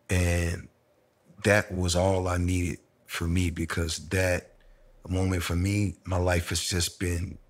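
Deep flat-voiced man telling a story. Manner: slow, reflective storytelling with casual slang. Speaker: interviewee sharing a personal story. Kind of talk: candid conversation.

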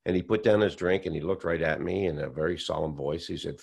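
A man's voice: deep voice, steady tone, fairly quick, creaky, few pauses. A man recounting events in an interview, telling a story and acting out the quoted dialogue as he goes. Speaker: whistleblower telling his story.

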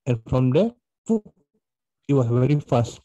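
A man's voice: medium pitch, big pitch swings, unhurried, mellow, no room sound. A man hosting a podcast interview, a math teacher, speaking hesitantly with many restarts. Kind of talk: casual interview chat. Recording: dull lo-fi dry sound.

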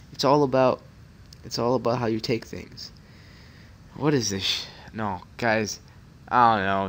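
A young man giving casual, rambling commentary over a space game tutorial, joking and getting flustered as he plays. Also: on the low side. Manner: rambling, jokey and easily flustered. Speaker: gameplay commentator.

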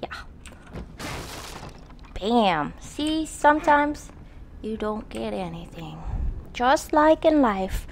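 This gaming channel host's voice sits a little high and is expressive, moving at a slow pace with frequent pauses. She's a young woman chatting casually through a horror game, poking fun at herself and laughing a lot, and there's slight hiss or hum in the background.

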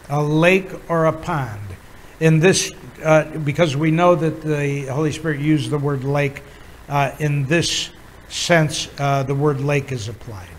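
A man teaching a Bible lesson as a pastor, pausing often with fillers while he explains words. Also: on the high side, fairly bright tone, a little hiss or hum, poor audio. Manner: halting, many filler pauses, chuckles while teaching.

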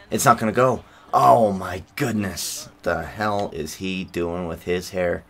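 A man giving excitable, sarcastic commentary over a basketball video game, yelping at big plays. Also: deep voice, measured pace, hardly any pauses. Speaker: gaming channel host. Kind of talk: gameplay commentary.

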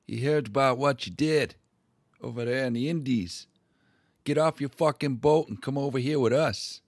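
A man's voice: mid-range voice, normal speed, no room sound, clean studio sound, close to an everyday voice. A man voicing a rude, swaggering male officer who delivers blunt, profane commands.

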